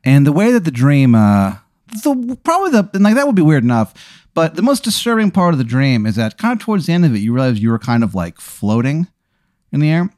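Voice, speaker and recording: A man with a fairly high voice talks a little fast while hosting a podcast, rambling animatedly through an improvised comedy bit and slipping into goofy put-on voices. The sound is dry and clean, studio-recorded.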